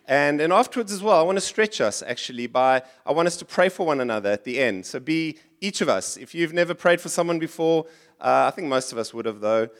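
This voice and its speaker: A man's voice: on the high side, animated, fairly quick. A middle-aged man, preaching a sermon in church in a conversational style, often restarting and going off on asides. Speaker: pastor.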